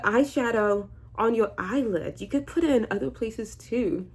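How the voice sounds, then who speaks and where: With a fairly bright, expressive mid-range voice at normal speed, a woman from the United States in her twenties chats through a makeup tutorial, barely pausing. She's a beauty vlogger who jokes and rambles, using fillers and now and then swearing.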